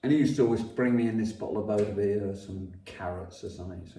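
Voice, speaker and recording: Guest, 60s, mellow voice, rambling and profane, echoey room, far mic. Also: male voice, on the low side, fast. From London. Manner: profane, repetitive, many restarts and coughs. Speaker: podcast guest. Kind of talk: rambling casual storytelling. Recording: roomy, distant mic.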